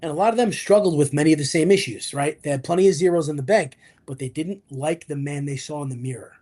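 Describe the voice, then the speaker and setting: A man's voice: a little high, fast talker, dark tone. A man, a fitness coach, talking in an interview with motivational energy and acting out the voices of the people he quotes. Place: video call interview.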